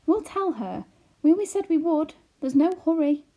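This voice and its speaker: A woman's voice: sits high, expressive, moderate pace, mellow, pitched above the performer's own voice. A woman reading aloud as a plain-spoken elderly borrower man who rambles in a homely way. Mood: reassuring.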